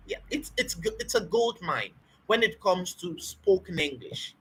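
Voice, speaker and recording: A woman's voice: fairly high pitch, animated, measured pace, bright, forceful tone, slightly rough. A woman teaching spoken English in an emphatic motivational talk, repeating key words and asking rhetorical questions.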